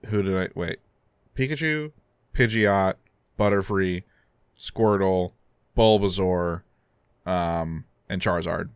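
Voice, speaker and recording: A man's voice: low voice, slow pace, pauses often, clear, resonant tone, no room sound. A man co-hosting a casual gaming podcast, rambling and joking as he chats. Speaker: podcast co-host.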